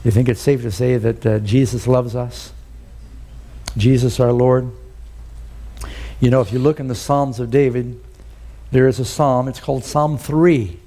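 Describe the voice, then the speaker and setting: Male preacher, mellow tone, earnest storyteller who puts questions to the listeners. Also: medium pitch, fairly even intonation, unhurried, pauses often. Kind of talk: sermon.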